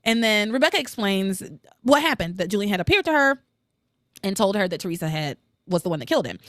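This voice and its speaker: A woman recaps soap opera episodes on her solo podcast, opinionated and quick to swear. Her pitch swings all over the place as she gets worked up. The sound is dry and close. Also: dry recording. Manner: animated and opinionated, swears freely, quotes characters with jumps in pitch.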